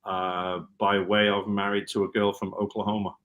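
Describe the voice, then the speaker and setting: Scouse man with a lowish voice. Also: level tone, normal speed, phone-quality sound. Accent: Liverpool (Scouse), with some American mixed in. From Liverpool, England. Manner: rambling storyteller, many ums and restarts. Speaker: guitar tech. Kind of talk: casual interview chat.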